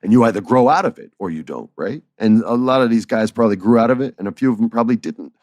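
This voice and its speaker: A man hosting a podcast, telling stories in a casual, animated way, chuckling and acting out dialogue. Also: on the low side, fast talker, slight background noise. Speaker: podcast host. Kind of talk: casual storytelling.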